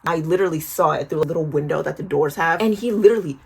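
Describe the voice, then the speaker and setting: This twentysomething vlogger talks through a story while doing her skincare, animated, cursing a lot, and addressing the viewer as "girl." She speaks quickly in a deep, husky, creaky voice.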